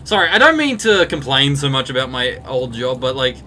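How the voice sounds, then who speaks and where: A man's voice: medium pitch, very animated, fairly quick, pushed and bright, a little hiss or hum. A young Australian man streaming a game live, chatting and ranting in a casual, storytelling way. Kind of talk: live gameplay commentary. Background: game music.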